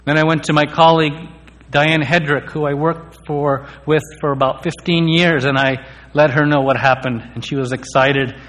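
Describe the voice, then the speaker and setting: A man's voice: fairly high pitch, fairly even intonation, normal speed, fairly bright tone. A man telling his personal faith testimony in an earnest way, sometimes stammering on key words. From India. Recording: long reverb of a hall.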